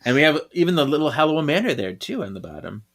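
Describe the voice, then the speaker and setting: A man co-hosting a podcast, talking through a comic issue in a relaxed, chatty way. His voice is bright and forward, and he jumps into high, lively voices when he quotes the characters. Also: fast. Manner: animated, acts out characters' lines with big jumps in pitch. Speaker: podcast co-host. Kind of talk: casual chat recapping a comic.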